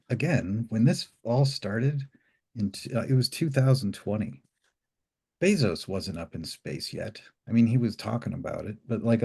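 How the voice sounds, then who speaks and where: A man as an interview guest, telling a story in a relaxed, rambling way with many fillers. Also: deep voice, breathy edge. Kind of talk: reflective storytelling.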